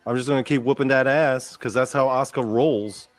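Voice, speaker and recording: A man's voice: mid-range voice, steady tone, brisk, soft background music, voice pushed up, close to an everyday voice. A man voicing a brash, taunting female wrestler who gloats over the rivals she has beaten. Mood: gloating.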